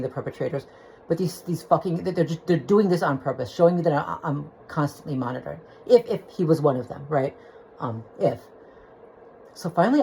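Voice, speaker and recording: Low-voiced agitated woman venting. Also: darkish tone, a little hiss or hum, rough recording. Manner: agitated, rambling with restarts and swearing. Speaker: vlogger. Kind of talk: venting personal story. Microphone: phone.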